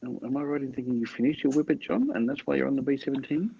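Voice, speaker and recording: A man's voice: medium pitch, rapid-fire, creaky, slight background noise. A man from Australia chatting on a video call from a hotel room, laughing and restarting his sentences. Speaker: co-host. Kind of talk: casual chat on a video call. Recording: dry lo-fi video call audio.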